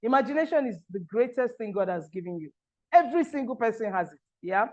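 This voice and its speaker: A woman with a high voice delivers a motivational business talk. She speaks with animated, emphatic force and a preaching cadence. Her voice comes through as muffled, lo-fi video call audio. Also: fast.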